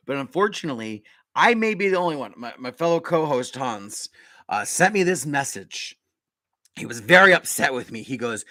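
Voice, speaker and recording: A man hosting a live podcast in casual chat, talking in excitable, rambling bursts. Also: medium pitch, normal speed, no echo. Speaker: podcast host.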